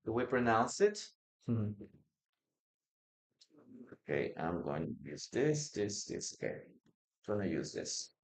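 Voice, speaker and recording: A male English teacher leads a live online lesson at an unhurried, deliberate pace. He repeats each word and keeps asking the chat questions. His voice rings with a roomy echo. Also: lowish voice, big pitch swings. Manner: patient, repeats words, quizzes the chat.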